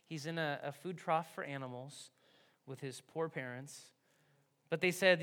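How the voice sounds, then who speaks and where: A man preaching a sermon as pastor, animated and conversational, swinging from hushed, intimate passages to loud, excited ones. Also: fairly high pitch, a little slow.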